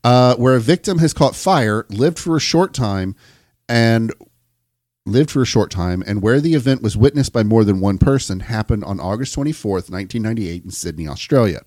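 A man's voice: lowish voice, expressive, normal speed, a little mellow, no room sound, clean studio sound. An American man co-hosting a podcast, reading long passages aloud in a casual chat and stumbling over words now and then. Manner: reads long passages, stumbles and restarts, jokes along. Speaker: podcast co-host.

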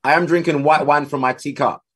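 Upbeat British man, husky voice. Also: fairly high pitch, fairly quick. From United Kingdom. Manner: upbeat, expressive. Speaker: TV and radio host, guest co-host. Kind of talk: casual chat.

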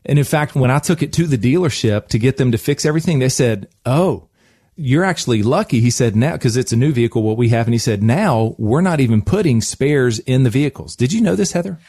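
A man hosting a radio show, telling a lively personal story with frequent laughs. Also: medium pitch, a little fast, husky, dry recording, studio quality.

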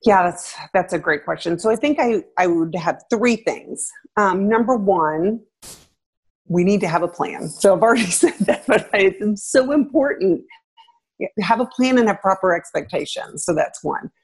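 A woman, a former teacher, giving parenting advice in relaxed conversation, laughing now and then. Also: normal speed, slightly rough. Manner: animated, laughs, acts out quotes with pitch jumps.

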